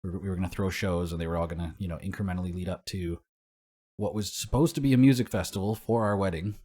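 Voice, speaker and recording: Low-voiced man telling rambling stories. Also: fast, dark tone, breathy edge. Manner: rambling storyteller, swears and laughs often. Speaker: podcast co-host. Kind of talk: casual podcast chat.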